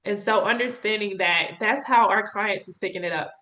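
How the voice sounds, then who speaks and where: A woman's voice: mid-range voice, normal speed, bright, forceful tone. Candid woman host chatting with a guest. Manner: candid and conversational, laughs easily. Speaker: podcast host. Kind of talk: casual interview chat.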